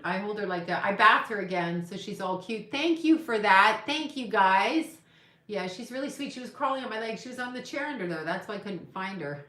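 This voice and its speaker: A woman's voice: medium pitch, a little fast, a bit bright. A woman hosting a casual livestream, chatting in an opinionated, gossipy way while she reads viewer comments. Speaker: psychic livestream host. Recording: echoey room.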